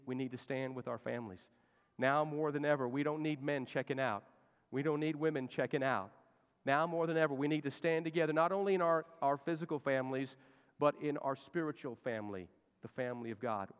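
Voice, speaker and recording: A male pastor preaching a sermon, swinging from loud rallying shouts to hushed, soft pleading. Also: mid-range voice, brisk, smooth, big-room sound. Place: church sanctuary.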